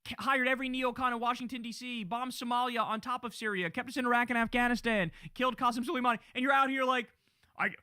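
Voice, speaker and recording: A man's voice: extremely high pitch, fairly even intonation, fast, pushed and bright, smooth, no echo, clean studio sound. A man hosting a show, mocking clips he plays with frequent laughter and plenty of swearing. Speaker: show host reacting to clips. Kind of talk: profane reaction commentary.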